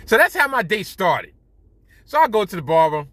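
Middle-aged guy on his podcast, high voice swinging up and down, cussing and joking at his own expense. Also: moderate pace, no echo. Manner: animated, profane, self-mocking. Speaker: podcast host. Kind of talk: casual storytelling monologue. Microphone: studio podcast mic.

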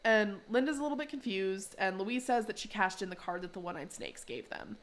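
A woman's voice: mid-range voice, sing-song, a little fast. A woman hosting a podcast, casually recapping a cartoon episode in a chatty way, with frequent laughs and fillers. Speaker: podcast host.

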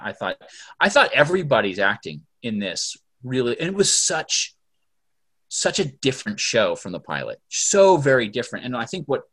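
A man hosting a podcast in casual conversation, talking in halting bursts and laughing often. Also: mid-range voice, fairly bright tone. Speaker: podcast host. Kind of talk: casual chat.

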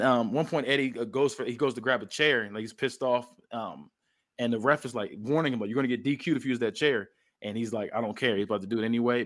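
Dude rambling thru a match recap, lots of uh and like, average pitch. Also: male voice. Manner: rambling, heavy with fillers like "uh" and "like". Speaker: podcast host. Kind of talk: casual play-by-play recap.

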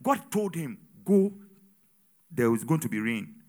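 A man preaching a sermon with call-and-response, swinging between loud exhortation and quiet asides. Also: mid-range voice, very animated, unhurried. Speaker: pastor.

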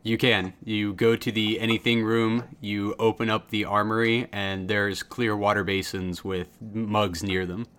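A man narrating as game master of a tabletop role-playing game, in a relaxed, measured way. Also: on the low side, clean tone.

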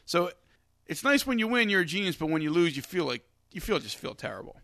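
Fast-talking animated man, sports banter. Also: gravelly, no room sound, studio quality. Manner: animated, voice jumps high when worked up, swears. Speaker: podcast co-host. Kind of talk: casual sports betting talk.

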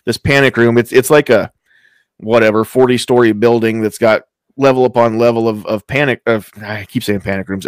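A man's voice: medium pitch, clear, resonant tone, dry recording. A man co-hosting a casual talk show about movies, rambling and restarting his sentences, laughing easily. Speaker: podcast co-host. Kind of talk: casual chat.

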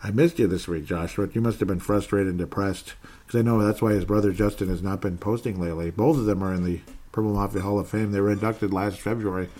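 A man's voice: fairly low pitch, fairly even intonation, fast, mellow. A man hosting a fan podcast, reading listener comments aloud in a casual, joking way and laughing often. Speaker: podcast host.

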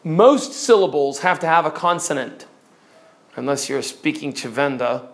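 Man, high voice, middle-aged, preaching instructor, demonstrative lecture. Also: animated, unhurried. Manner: demonstrative, mimics examples, varies loudness for effect.

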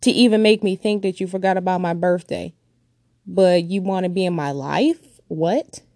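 A young woman telling a painful personal story in an earnest, emphatic way, repeating phrases and raising her pitch to act out what others said. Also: normal speed, a little mellow, dry recording, studio quality. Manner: acts out quoted voices with raised pitch.

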